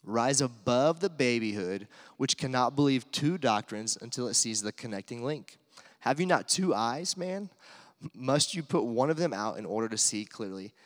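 A man preaching a sermon in a relaxed, conversational way, with many fillers, telling family stories and reading scripture aloud. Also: medium pitch, moderate pace. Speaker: pastor. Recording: long hall reverb.

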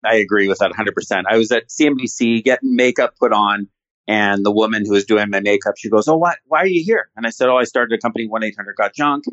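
A man being interviewed as a company founder, telling stories in an earnest, animated way. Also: fairly low pitch, quick pace. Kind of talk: casual interview chat. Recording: slightly dull lo-fi sound.

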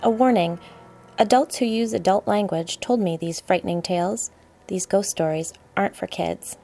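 A woman's voice: mid-range voice, moderate pace, creaky, mellow, soft background music. A woman hosting a storytelling podcast, narrating in a chatty, wry, self-deprecating way.

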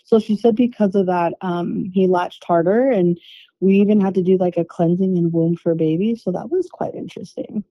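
A woman guest telling a personal story in a podcast interview, candid and animated, swearing freely. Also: on the low side, moderate pace, dry recording, muffled recording. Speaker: interview guest, spiritual healer.

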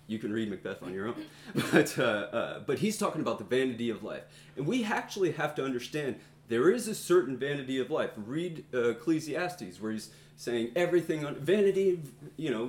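A man leading a Bible study, teaching a group in a conversational way and pausing to find his words. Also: medium pitch, a little mellow, roomy sound. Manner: conversational, thinks aloud, pauses to find words. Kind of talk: informal teaching talk to a group.

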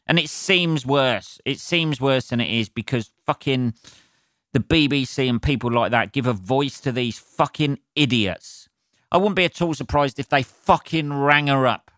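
A man rants alone into his podcast mic, swearing freely and laughing at his own temper. His voice is bright and forceful, recorded close and dry. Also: medium pitch, no echo. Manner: sweary, ranting, self-mocking. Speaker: podcast host. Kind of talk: solo podcast rant.

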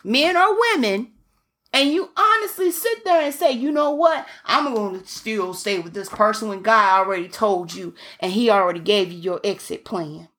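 A woman's voice: medium pitch, moderate pace, fairly bright tone. A woman preacher delivering a fervent sermon, reading scripture aloud and breaking in with exclamations.

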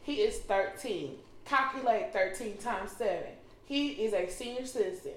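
A woman's voice: mid-range voice, expressive, normal speed. Brash, profane woman in an echoey room. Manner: brash, profane and bossy, laughs loudly. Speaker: podcast co-host. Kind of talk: casual group chat.

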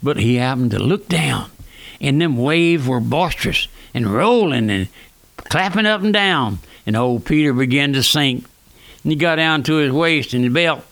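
A man, preaching a fervent radio sermon that swings between raised and hushed lines. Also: medium pitch, lively intonation, normal speed, vocal fry. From South Louisiana. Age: 90s.

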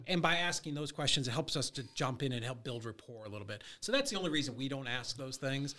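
A man speaks in a casual podcast chat, fast and bright-toned. He jumps in with short agreements and quick explanations. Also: mid-range voice, expressive. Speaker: podcast co-host, real estate investor.

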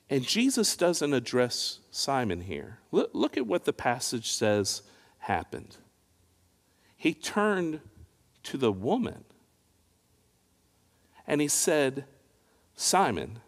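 A male pastor delivering a sermon with dramatic swings of emphasis and pointed rhetorical questions. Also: mid-range voice. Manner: dramatic, rising and falling preaching with rhetorical questions. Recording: long reverb of a large hall.

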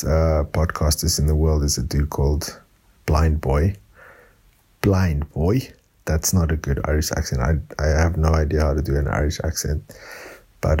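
A man from South Africa recording a rambling late-night voice note for his podcast, speaking softly after drinking wine. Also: a bass voice, creaky, husky. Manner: soft-spoken, rambling. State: tipsy from wine. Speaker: podcast host. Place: room at home.

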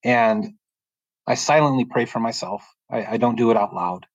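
A middle-aged man from the United States telling a personal faith testimony in a calm, soft-spoken way, often pausing and restarting as he gets emotional. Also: medium pitch, no echo, muffled recording. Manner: halting and emotional, frequent restarts. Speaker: podcast guest sharing testimony. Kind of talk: personal testimony, casual storytelling.

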